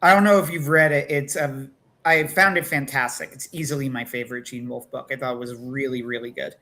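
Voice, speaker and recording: A man co-hosting a casual livestream talk, animated, acting out quotes between many fillers. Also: medium pitch, brisk. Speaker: podcast co-host.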